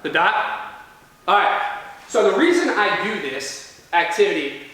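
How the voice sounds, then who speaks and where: A man with a fairly high voice gives a motivational talk to students. He tells a story and keeps checking in with "all right?" The sound comes from a distant mic in a strongly echoing hall. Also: lively intonation, unhurried, bright, forceful tone. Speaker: motivational speaker. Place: large university lecture room. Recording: echoey hall from far off.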